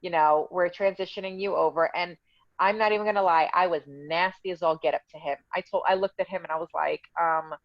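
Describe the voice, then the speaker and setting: A woman tells her own story in a casual interview, her voice on the lower side and her tone indignant and heated. The sound is dull and lo-fi. It is very dry, with no room at all. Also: fairly even intonation, brisk, no echo. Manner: heated, indignant retelling with quoted dialogue. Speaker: guest telling her story.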